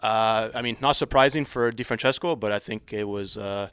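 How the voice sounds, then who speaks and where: A man co-hosting a podcast in casual sports chat, talking hesitantly with many pauses and restarts. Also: on the low side, fairly bright tone, smooth, dry recording. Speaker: podcast co-host.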